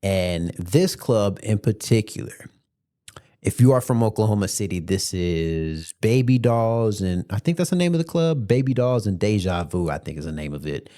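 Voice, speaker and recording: A man's voice: on the low side, sing-song, moderate pace, mellow. A man hosting a podcast, telling a rideshare story in a chatty, slangy way and laughing along as he talks. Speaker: podcast host and rideshare driver. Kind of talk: casual storytelling monologue.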